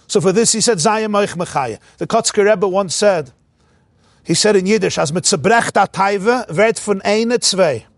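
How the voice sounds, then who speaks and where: A man giving a spoken religious lesson, animated, often acting out inner voices in quotes. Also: high voice, no room sound. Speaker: religious teacher.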